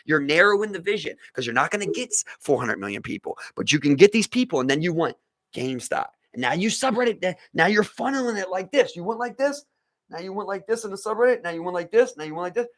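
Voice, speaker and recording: A man's voice: high voice, fast. A man from Baltimore with a local accent, co-hosting a podcast in rambling casual chat, saying "bro" a lot and swearing. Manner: animated, says "bro" often, swears, rambling. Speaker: podcast co-host.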